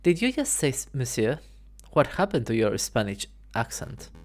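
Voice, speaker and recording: A man's voice: mid-range voice, sing-song, moderate pace, soft background music, lightly acted. A man voicing an eager young male sparrow assistant who sounds curious and questioning.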